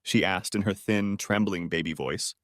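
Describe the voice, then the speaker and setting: A man narrating a story in an even, measured audiobook reading style. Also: low voice, no room sound, clean studio sound.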